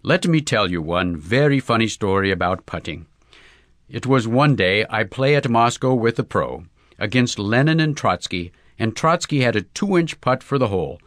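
A man plays an excitable Russian man with a thick put-on accent, bursting out in broken, gushing English. His voice leaps all over and sits low underneath, in a dry, close sound. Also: moderate pace, no room sound. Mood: jovial. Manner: broken English, effusive and exclamatory. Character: boisterous Russian man, excitable celebrity novelist.

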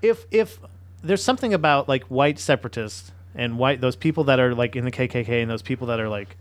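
A man's voice: medium pitch, brisk, dry recording. A man hosting a podcast in casual chat, rambling with restarts and swearing freely. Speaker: podcast host.

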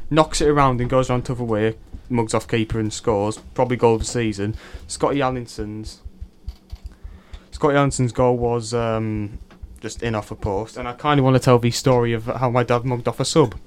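A young man hosting a student radio show, telling stories in an excitable, rambling way. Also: mid-range voice, normal speed, smooth. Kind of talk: casual chat.

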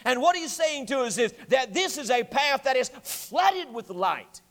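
A man's voice: extremely high pitch, very animated, a little slow, a bit bright. A man preaching an evening church sermon, telling a story and then making his point with emphatic repetition.

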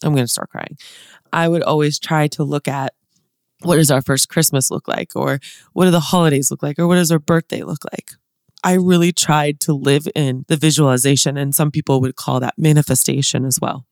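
A woman's voice: sits low, steady tone, brisk, darkish tone, no room sound, clean studio sound. A woman in her thirties hosting a motivational podcast, talking to listeners in an upbeat, chatty, direct way. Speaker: podcast host and business consultant.

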